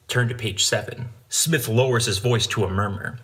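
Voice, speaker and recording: A man's voice: on the low side, moderate pace, hardly any pauses, fairly bright tone. A man hosting a gaming channel, reading a gamebook aloud with casual, joking asides.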